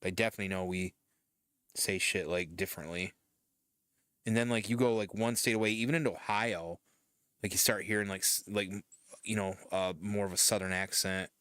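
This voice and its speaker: A man from Michigan chatting casually on a stream while he paints, talking in a loose, rambling way with easy swearing. His voice sits on the low side and sounds smooth and clear. The recording is close and dry. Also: fairly even intonation, a little fast, fairly bright tone, no room sound. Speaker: streamer host.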